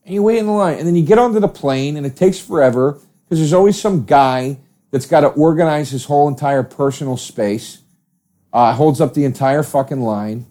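A man from South Jersey hosting a podcast, ranting profanely in a casual comedic monologue, swinging from loud outbursts to low muttering. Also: a little fast. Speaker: podcast host.

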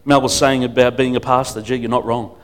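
A man's voice: medium pitch, flat delivery, a little fast. A man preaching as a guest pastor, telling stories with humor and acting out what people said. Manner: storytelling with humor and acted quotes. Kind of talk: sermon.

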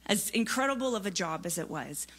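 A woman preaching a sermon, telling a story in a lively, conversational way with casual fillers. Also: mid-range voice, brisk, breathy edge.

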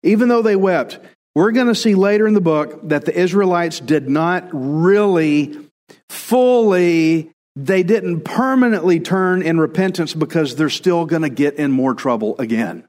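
A man's voice: on the high side, expressive, measured pace, a little mellow, big-room sound. A male pastor preaching a conversational sermon, now and then acting out quoted voices.

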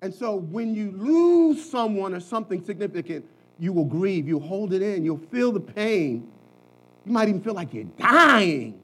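A man preaching a sermon, dropping into quiet asides and then rising to shouted lines. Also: high-pitched, low-quality recording. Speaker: pastor.

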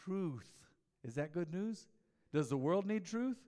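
A pastor delivering a relaxed mid-week sermon, his voice pitched a little high for a man. He talks like he's chatting with the congregation, telling stories and tossing questions out to them. The room carries a long reverb. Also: takes it slowly. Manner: conversational, storytelling, asks the congregation questions. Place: church sanctuary.

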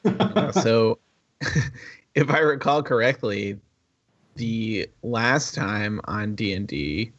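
A man playing in a tabletop game, talking casually and haltingly with many restarts. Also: lowish voice, expressive, a bit bright, lo-fi sound. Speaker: player. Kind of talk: casual game-night banter.

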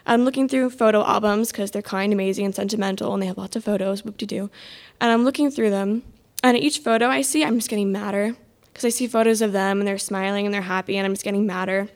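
A woman's voice: mid-range voice, steady tone, quick pace. A teenage girl telling a personal story in an exasperated, sarcastic, self-mocking way. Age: mid-teens.

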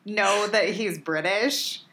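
A woman in casual chat as podcast co-host, animated and laughing, acting out quotes from the show. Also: medium pitch, slow, slight background noise.

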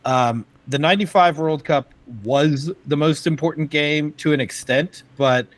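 A man co-hosting a podcast, talking sports in a casual, excited way, halting often with fillers and restarts. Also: fairly high pitch, dry recording, low-quality recording. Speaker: podcast co-host.

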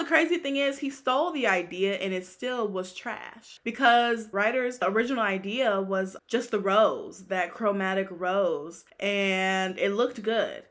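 A woman's voice: medium pitch, fairly bright tone. A young woman hosting a casual gossip podcast, sassy and laughing often, trailing off in exasperation. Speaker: podcast host.

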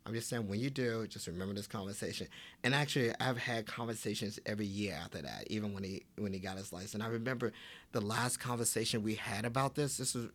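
A man in his forties, a podcast guest, telling personal stories in casual conversation and acting out the dialogue with lively fillers. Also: lowish voice, fast talker. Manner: animated, acts out quoted dialogue with fillers.

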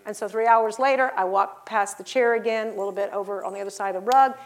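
A middle-aged woman preaching a sermon, telling stories and acting out the voices in them, rising to loud exhortation. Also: medium pitch, fast. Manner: acts out voices in her stories.

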